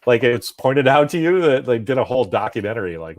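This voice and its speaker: A man's voice: mid-range voice, fast talker. A man as a guest in a casual comics chat, talking at length and animatedly, often tagging "right?" onto his points. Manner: talkative, animated, tags "right?". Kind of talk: casual conversation.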